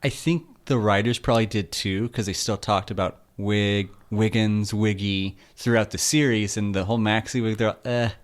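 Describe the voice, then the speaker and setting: A man co-hosting a podcast, trading dry, wry asides about a TV episode in loose conversation. His voice sits fairly low for a man, and his delivery stays relaxed and offhand. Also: moderate pace, few pauses. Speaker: podcast co-host. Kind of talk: casual chat recapping a TV episode.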